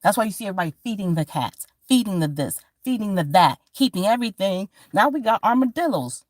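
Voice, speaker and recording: A woman from Georgia, talking in a rambling, profane, animated monologue as a vlogger. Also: medium pitch, fast, dry recording, studio quality. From Georgia, USA. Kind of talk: casual monologue to camera.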